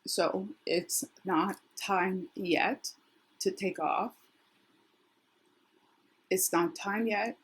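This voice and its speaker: A middle-aged woman with a worn, husky voice gives a casual tarot reading, chatty and thinking aloud with frequent restarts. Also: medium pitch, fairly even intonation, extremely slow, pauses often. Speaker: tarot reader.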